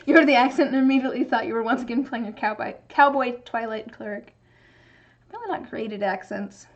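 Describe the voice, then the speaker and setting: A fairly high-voiced woman with a light Pacific Northwest American accent chats casually on a stream, wandering from thought to thought and often restarting her sentences. The sound is a bit dull and lo-fi. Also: brisk. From Pacific Northwest, USA. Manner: chatty, rambling, many restarts. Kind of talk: casual chat while crafting.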